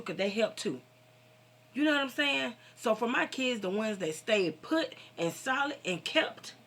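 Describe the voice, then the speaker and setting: Casting: middle-aged woman vlogger, gravelly and bright, fervent, preaching straight to camera. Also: mid-range voice. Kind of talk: casual heartfelt vent to viewers.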